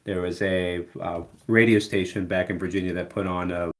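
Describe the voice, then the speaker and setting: A middle-aged man speaks as a musician guest in a loose interview. His voice sits very low, and he talks in long, rambling runs padded with fillers. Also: moderate pace. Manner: relaxed, rambling, many "you know" fillers. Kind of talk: casual interview chat.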